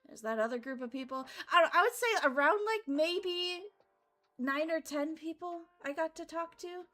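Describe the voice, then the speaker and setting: A young woman VTuber chatting casually, telling a story in an animated way, with frequent laughs and casual swearing. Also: extremely high pitch, normal speed. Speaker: VTuber streamer. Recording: faint background music.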